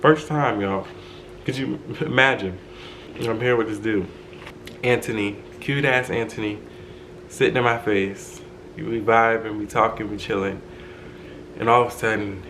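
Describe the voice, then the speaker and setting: A man's voice: on the low side, steady tone, measured pace, long pauses, a bit bright, a little hiss or hum, poor audio. A young man vlogger telling a casual storytime, chatty and laughing in asides to his viewers, filmed on his own camera.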